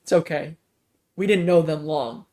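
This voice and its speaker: A man voicing a tired young male survivor who lost a finger, speaking flatly and evasively. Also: a little high, measured pace, natural voice.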